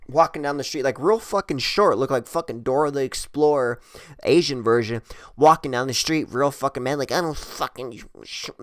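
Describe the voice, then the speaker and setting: A man's voice: medium pitch, dry recording. A man telling a personal story in a casual, rambling way, swearing a lot and joking crudely. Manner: profane, rambling, crude humor.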